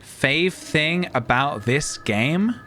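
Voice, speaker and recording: A man streaming a game live, talking in a wry, deliberate way and choosing his words carefully. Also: fairly high pitch, lively intonation, bright, forceful tone, a little hiss or hum.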